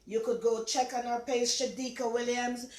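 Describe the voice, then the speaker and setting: This older Jamaican woman's voice sits on the high side with a level tone and normal pace. She hosts a relaxed cooking vlog from her home kitchen, rambling affectionately, and the room sounds echoey.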